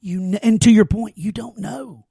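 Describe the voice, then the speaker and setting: Gravelly high-voiced man telling stories. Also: steady tone, a little slow, dark tone, no echo, studio quality. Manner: earnest rambling storyteller, many restarts. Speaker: podcast host. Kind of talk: casual heartfelt conversation.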